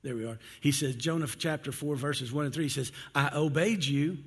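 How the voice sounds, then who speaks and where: Brief: male pastor, casual sermon delivery, slightly husky, long hall reverb. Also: medium pitch, fairly quick. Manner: conversational, acts out biblical figures' complaints.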